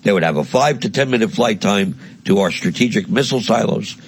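A man's voice: fairly low pitch, animated, brisk, breathy edge, dry recording. A man giving a blunt, heated political monologue, crude and mocking in tone. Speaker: political commentator. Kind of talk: impassioned monologue.

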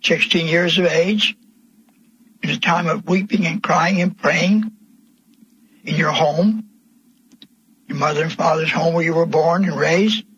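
An older man preaching a sermon, telling his testimony slowly and emphatically, with voice rising into cries. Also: fairly high pitch, fairly even intonation, fairly bright tone, slightly rough, highs cut off. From Pennsylvania, USA.

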